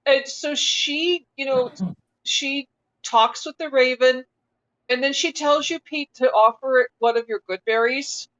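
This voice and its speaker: A woman narrating as game master of a tabletop game, relaxed and patient, with casual fillers. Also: sits high, unhurried, lo-fi sound.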